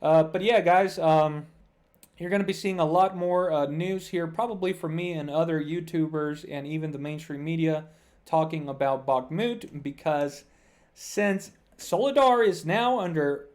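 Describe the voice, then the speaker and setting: A man's voice: on the high side, unhurried, darkish tone. A man giving casual news commentary to his viewers over a map, talking loosely with many "uh" fillers and calling the audience "guys".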